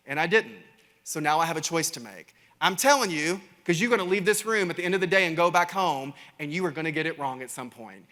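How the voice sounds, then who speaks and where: A man with a Kentucky Southern accent giving an animated keynote talk, telling stories to a crowd and calling them y'all. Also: sits high. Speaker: keynote speaker. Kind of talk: energetic keynote storytelling. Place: large conference stage. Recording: reverberant conference hall.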